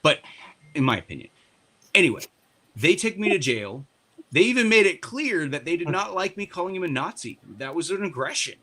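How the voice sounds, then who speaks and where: A man, a party board member, telling a long story on a podcast in a casual, animated and profane way. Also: fairly high pitch, a little fast.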